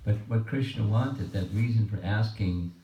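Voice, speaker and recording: A man giving a scripture class at a home program, retelling the story in slow, measured, halting phrases. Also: fairly low pitch, warm tone, a little hiss or hum. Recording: dull, roomy recording from a distance.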